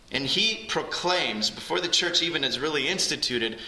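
A man's voice: medium pitch, expressive, moderate pace, bright, forceful tone. A man preaching a sermon as pastor, earnest and building emphasis on key phrases. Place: church sanctuary. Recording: echoey church hall.

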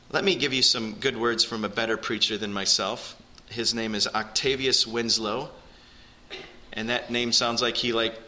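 A male pastor delivers a sermon in an earnest, building manner. His voice is strikingly bright and cutting, at a middling pitch. He pushes up and presses harder whenever he reaches a point he wants to land. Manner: earnest, rising emphasis on key phrases.

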